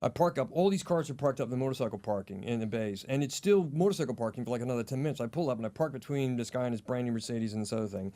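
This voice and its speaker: A man's voice: mid-range voice, lively intonation, very fast, few pauses, dark tone. A male comedian in casual chat, swearing freely and telling stories with acted-out quotes. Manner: profane, storytelling with acted quotes. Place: studio.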